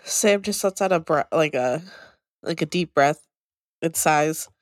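Woman in a tabletop game, blunt and fed up, kinda low voice. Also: a little slow, no room sound, studio quality. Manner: blunt, confrontational, exasperated. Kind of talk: in-character tabletop play.

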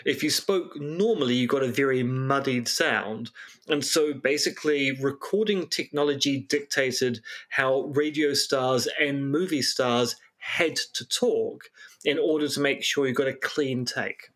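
A man's voice: mid-range voice, a little slow, a bit bright. A man co-hosting a podcast in casual chat, making dry, wry asides. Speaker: podcast co-host.

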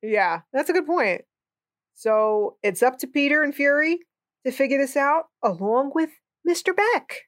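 Woman co-host, a bit high, wry and sarcastic, dry close sound. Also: animated, a little slow, no room sound. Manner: wry, sarcastic, laughs often. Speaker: podcast co-host. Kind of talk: casual movie discussion.

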